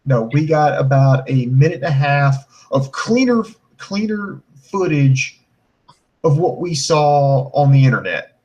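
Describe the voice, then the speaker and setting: Male co-host, 40s, loose and profane, talks in runs with lots of restarts, voice sitting a bit high. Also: measured pace, dull audio. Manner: animated, profane, rambling, acts out mocking voices. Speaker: wrestling show co-host. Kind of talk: casual podcast chat.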